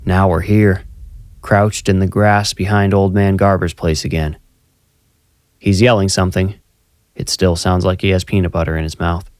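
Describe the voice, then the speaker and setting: Low-voiced man narrating a horror story. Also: level tone, normal speed, darkish tone, no echo, clean studio sound. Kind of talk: scripted first-person horror narration.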